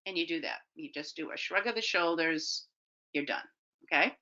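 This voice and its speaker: A woman giving an informal talk to parents, lively, acting out lines and often checking in with "okay?". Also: low-pitched, normal speed. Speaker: parenting educator. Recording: dull lo-fi audio.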